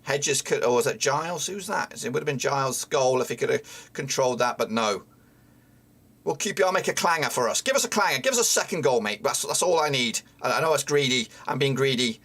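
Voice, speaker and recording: A man reacting live to his team's match as a fan streamer, excitable, swearing often and yelling at the players. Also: medium pitch, fairly quick.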